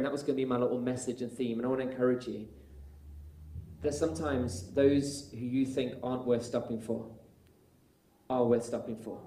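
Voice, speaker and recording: A man preaching a sermon, telling stories earnestly and rising to loud, emphatic peaks. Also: mid-range voice, slight background noise. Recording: echoey room.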